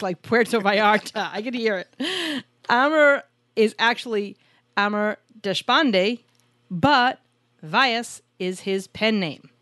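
Her medium-pitched voice has a fairly bright tone, captured in a dry, clean studio recording from a home studio in Arizona. She co-hosts a podcast about couples in business, keeping the chat casual and self-deprecating and joking as she brings on guests.

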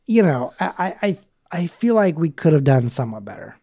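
A man's voice: a little high, sing-song, a little fast, mellow. A man co-hosting a podcast, talking in a rambling, casual way with lots of fillers and restarts. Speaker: podcast co-host. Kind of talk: casual chat.

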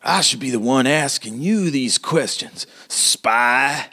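A brash small-town mayor who sneers at every demand, put on by a man running the game. The voice sits far above the performer's own low register and stays defiant and contemptuous. His delivery is pushy and dismissive. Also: animated, takes it slowly, sharp tone, exaggerated voice. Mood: scornful. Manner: scornful, contemptuous and high-pitched.

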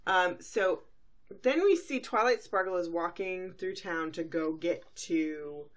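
A woman's voice: lowish voice, takes it slowly. Chatty woman recapping a cartoon. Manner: chatty, full of fillers, briefly acts out characters. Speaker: podcast host. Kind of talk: casual episode recap.

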